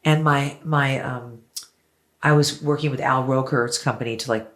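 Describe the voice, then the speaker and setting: A woman in her fifties from the United States, a singer chatting as an interview guest, telling lively stories and swearing freely. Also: very deep voice, moderate pace. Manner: animated storyteller, acts out quotes, swears freely. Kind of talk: casual chat.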